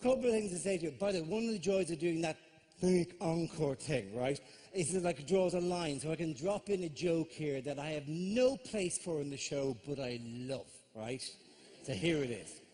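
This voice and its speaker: A man's voice: fairly high pitch, normal speed, warm tone. A man with an Irish accent doing live stand-up comedy, telling chatty stories and often tagging his lines with "right?".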